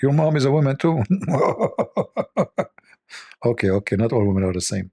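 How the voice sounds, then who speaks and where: A man's voice: medium pitch, expressive, very fast, mellow, dry recording. A man hosting a joking commentary who rambles, mocks and thinks aloud into a desk microphone. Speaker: host.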